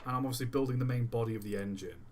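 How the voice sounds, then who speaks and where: A man's voice: mid-range voice, rapid-fire, slight background noise. A man streaming live, chatting casually and thinking aloud while he builds a model, often distracted mid-sentence.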